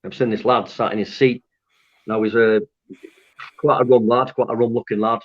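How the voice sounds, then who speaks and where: A man from Lancaster, telling his story to an interviewer in an animated, candid way, swearing freely and laughing at himself. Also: mid-range voice, normal speed. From Lancaster, North West England. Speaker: interview guest. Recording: dull lo-fi audio.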